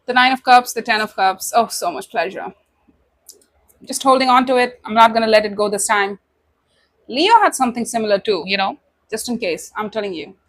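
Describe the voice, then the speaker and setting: A woman's voice: a little high, a little fast. A woman giving a tarot reading straight to the listener, speaking in an emotive way with many asides. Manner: warm, emotive, speaks directly to the listener with many "you know"s. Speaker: tarot reader. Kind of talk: casual tarot reading to camera.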